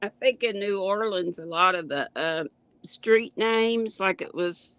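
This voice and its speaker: A woman's voice: lowish voice, unhurried, a bit bright, smooth, no room sound. An older woman co-hosting a knitting live stream, chatting in a homey, enthusiastic way about her crafts. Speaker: co-host, knitter. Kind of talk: casual live-stream chat.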